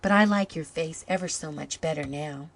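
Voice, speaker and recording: A woman's voice: low-pitched, moderate pace, gravelly. A woman reading a storybook, voicing a small eager boy who turns earnest and pleading.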